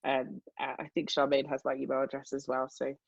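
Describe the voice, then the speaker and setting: A woman's voice: a bass voice, monotone, fast, creaky, breathy edge, no room sound, lo-fi sound. A young woman speaking on a video call panel, reflective and thinking aloud with many fillers. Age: young adult. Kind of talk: casual panel talk.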